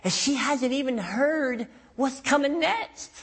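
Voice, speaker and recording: A young man preaching a sermon as pastor, telling stories with lively acted-out voices and self-mocking jokes. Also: very high-pitched, slow. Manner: animated storytelling, acts out voices in quotes, self-mocking jokes.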